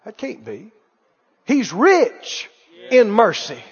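A man preaches with a very high, lively voice, acting out Bible dialogue and chuckling as he goes. The sound is dull and rings with long reverb in a large hall. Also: slow, slightly rough. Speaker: pastor. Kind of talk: sermon.

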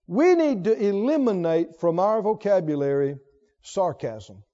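A man's voice: sits high, sing-song, a little slow, mellow. A man preaching a sermon who puts rhetorical questions to his congregation. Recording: long hall reverb, dull lo-fi sound.

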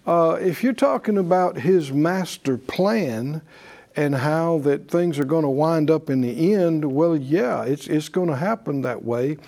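Man, pastor, conversational sermon, mellow warm tone, slightly higher voice. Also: measured pace, creaky. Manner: conversational, many fillers and restarts; leads call-and-response. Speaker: pastor teaching a faith class. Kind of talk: sermon-style teaching.

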